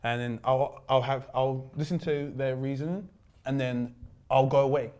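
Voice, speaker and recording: A man's voice: medium pitch, steady tone, a little slow, darkish tone, clean tone. A man, a footballer guest who talks in a laid-back way, repeating himself and saying "like" often. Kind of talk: casual interview chat.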